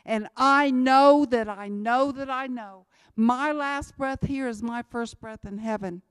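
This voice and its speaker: A woman's voice: fairly high pitch, slow pace, smooth, no echo, studio quality. A woman, giving an emphatic church talk about mission work and repeating her key lines. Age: 60s. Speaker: missionary speaker.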